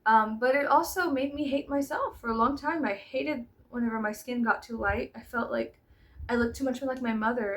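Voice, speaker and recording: A woman in her thirties talking straight to the camera in a casual monologue, blunt and profane, going quiet and then loud. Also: on the high side, poor audio. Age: 30s. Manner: blunt and profane, swinging between soft and loud. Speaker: vlogger.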